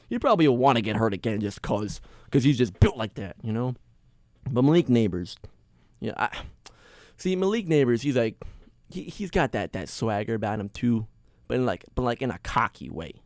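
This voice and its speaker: A man hosting a sports podcast, ranting alone in an excitable, rambling way with many restarts. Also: medium pitch, dry recording, studio quality. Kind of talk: casual solo sports rant.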